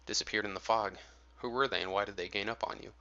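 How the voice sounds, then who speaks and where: A man voicing a calm, mild-mannered young reporter who asks polite, steady questions, in a storybook reading on dull lo-fi audio. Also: lowish voice, fast talker. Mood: calm, probing.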